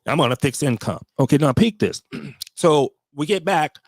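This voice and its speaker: A man's voice: on the high side, lively intonation, normal speed, slightly rough, dry recording. Middle-aged vet guy venting on camera, cussing a lot, dry close sound. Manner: blunt and profane, with emotional asides. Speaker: veteran vlogger. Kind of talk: casual storytelling to viewers.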